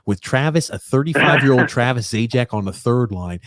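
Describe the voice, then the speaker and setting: A man's voice: medium pitch, lively intonation, fairly quick, fairly bright tone, dry recording. A man co-hosting a live call-in sports podcast, blunt and opinionated. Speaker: podcast co-host.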